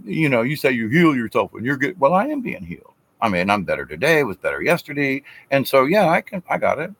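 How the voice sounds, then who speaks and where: A man in an earnest, rambling spiritual monologue, his medium-pitched voice carrying a gravelly, creaky edge. He calls himself a shaman, speaks straight to the listener, and often starts his sentences over mid-thought. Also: a bit bright. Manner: rambling and earnest, with frequent restarts. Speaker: self-described shaman giving a spiritual talk.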